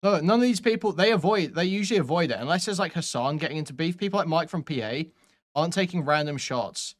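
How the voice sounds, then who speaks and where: A man's voice: a little high, expressive, quick pace. A man commenting on clips during a stream, sarcastic and mocking, swearing often.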